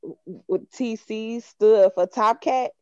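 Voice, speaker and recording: Woman higher voice, chatty, laughs, dead dry muffled audio. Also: takes it slowly, darkish tone, smooth, no echo. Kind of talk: casual reminiscing chat. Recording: dry, dull lo-fi sound.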